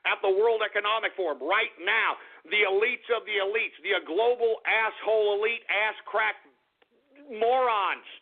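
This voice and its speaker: A man hosting a radio show, delivering an angry, profane rant with shouting, then apologizing and calming himself down. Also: high-pitched. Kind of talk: ranting talk radio monologue. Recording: tinny phone-like radio broadcast.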